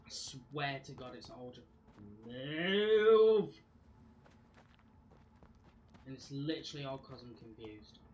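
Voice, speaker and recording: A man's voice: mid-range voice, steady tone, moderate pace, fairly bright tone, slight background noise. A man giving live gameplay commentary as a streamer, muttering to himself and swearing at the game.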